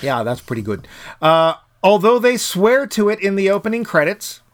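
Lively, playful male podcast host. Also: high-pitched, normal speed. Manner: playful, jokey plugs with mock hype. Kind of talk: casual chat.

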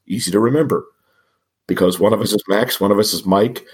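Raspy man with a cold. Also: fairly low pitch, brisk. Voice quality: raspy, gravelly. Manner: wry, self-mocking asides. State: has a cold. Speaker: podcast co-host. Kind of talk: casual podcast chat.

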